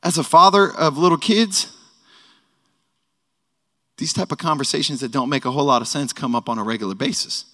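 A man's voice: fairly high pitch, fairly quick, pauses often, bright, forceful tone. A man in his thirties teaching a sermon at a worship service, casual and joking, with frequent conversational asides. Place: worship hall. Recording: echoey hall reverb.

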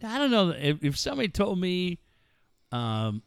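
A middle-aged man riffs through a story on a radio show, swearing freely and laughing between lines. His voice sits on the high side and swings up and down with plenty of animation, close and dry on the mic. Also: big pitch swings, normal speed, clear, resonant tone, no echo. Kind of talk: casual, profane radio banter.

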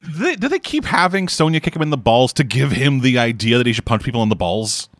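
A man chatting casually while watching a movie, swearing freely and reacting with quick asides. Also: medium pitch, very animated, dry recording, studio quality.

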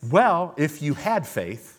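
An animated male pastor preaching to his congregation. His pitch swings widely as he tells stories and acts out the people he quotes, and listeners call back from the pews. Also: slow pace. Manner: animated storytelling, acting out quoted voices. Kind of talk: sermon. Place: church service with congregation responding.

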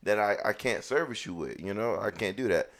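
A man co-hosting a podcast, telling stories in a slangy, animated way. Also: lowish voice, brisk. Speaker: podcast co-host. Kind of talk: casual chat.

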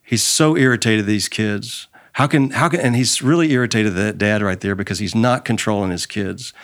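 A man's voice: on the low side, fairly quick. A man hosting a faith-flavored conversation podcast, talking earnestly and retelling stories with feeling. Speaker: podcast host. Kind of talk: casual conversation.

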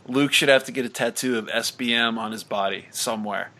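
A man's voice: mid-range voice, a little fast, bright, forceful tone. A man co-hosting a sports podcast, adding dry quips to the banter. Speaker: podcast co-host.

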